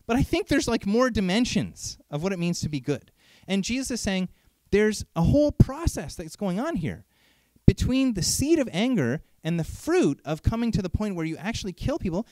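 This sermon comes from a man whose voice is high for a male and swoops widely as he preaches in an animated, chatty style. He draws the congregation in with rhetorical questions at a moderate pace. The recording is dry and close.

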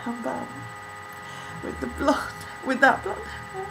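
A woman gushing over a music video in an excitable, flustered reaction vlog, out of breath and struggling to calm down. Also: high voice, slow, creaky, background noise.

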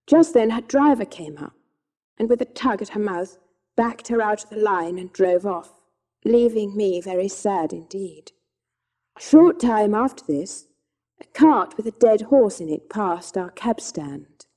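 Mellow, gentle woman reading aloud. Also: medium pitch, measured pace. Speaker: audiobook narrator. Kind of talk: scripted storybook narration.

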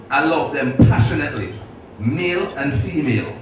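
A man's voice: mid-range voice, measured pace. A middle-aged man giving a heartfelt birthday speech, telling stories with laughter and a preacherly ring. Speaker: speaker at a birthday celebration. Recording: echoey hall from far off, noisy.

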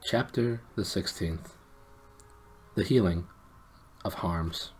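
A man's voice: sits low, slow, a little hiss or hum. A man reading a children's novel aloud on a live stream, with playful self-mocking asides. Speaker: storybook reader and live streamer.

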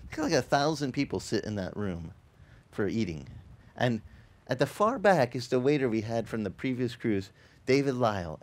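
A middle-aged man preaching a casual sermon as pastor, telling stories with lively, acted-out quotes and frequent repeated words. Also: medium pitch. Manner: animated, acts out quoted voices, repeats words. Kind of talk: conversational sermon with storytelling. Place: church in Hawaii.

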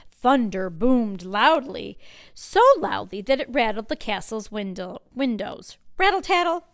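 Expressive woman reading a children's story aloud. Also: on the high side, clean tone. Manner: expressive, with sound effects. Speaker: children's librarian.

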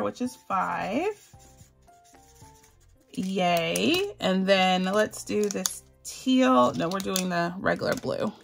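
A woman's voice: medium pitch, vocal fry. A woman from the Southern US with a Southern accent, chatting casually and giggling as she hosts a cash budgeting vlog. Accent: Southern American. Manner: bubbly, giggly, talks to viewers as y'all. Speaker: budgeting channel host.

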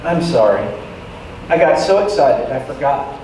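A man, a pastor, preaching a sermon in a lively way, breaking off for jokes with the congregation. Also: a little high, a little slow, distant mic. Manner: lively, joking asides to the congregation. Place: church sanctuary. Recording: echoey church hall, voice from afar, faint noise.

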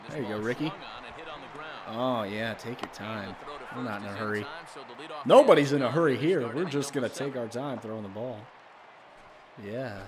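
A man casually commenting on his own baseball video game as he plays, swearing and yelling at bad pitches, then talking himself back to calm. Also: normal speed, pauses often, crowd noise. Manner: swears and yells in bursts of frustration, then talks himself calm. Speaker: gaming video creator.

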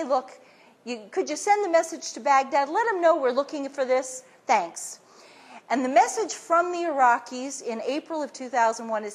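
A woman giving a talk to an audience, telling her story with lively acted-out quotes and frequent restarts. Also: high voice, breathy edge. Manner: acts out quoted voices, restarts often.

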